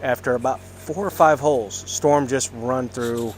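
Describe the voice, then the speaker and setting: A man's voice: medium pitch, a little slow, a little hiss or hum. A chatty man doing loose live commentary outside at a golf course in the evening. His talk wanders with plenty of fillers and restarts. Faint outdoor ambience sits underneath. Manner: rambling, filler-heavy, chatty. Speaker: livestream commentator.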